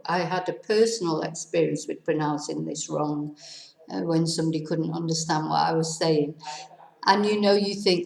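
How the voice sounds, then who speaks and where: A woman teaching a casual video lesson, a little hoarse with laryngitis, spelling words out letter by letter and adding chatty asides. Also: on the low side, fairly even intonation, a little slow, roomy sound, rough recording. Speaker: Spanish teacher.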